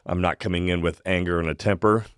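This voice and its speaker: A man with a very low voice talks earnestly and at a steady pace on a faith podcast. The sound is dry and close, with no room around it. He reads scripture aloud now and then. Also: quick pace, clean tone, no room sound. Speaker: podcast co-host. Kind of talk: faith-based casual discussion.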